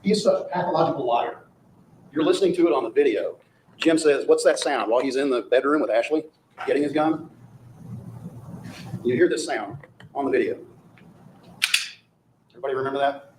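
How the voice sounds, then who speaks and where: Speaking a little fast but with long pauses, a medium-pitched man delivers a prosecutor's closing argument, emphatic and rhetorical, repeating phrases for effect. The audio echoes in the courtroom, with faint background noise.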